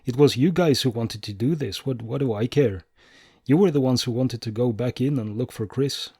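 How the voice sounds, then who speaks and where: A man's voice: mid-range voice, moderate pace, warm tone, husky, dry recording. A gloomy soldier who leads his squad with curt, profane orders and a shrug, as a man reads his lines. The voice sits in an ordinary middle register and comes across dry and close. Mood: glum. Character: gloomy male squad leader, blunt and fatalistic. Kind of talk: audiobook dialogue.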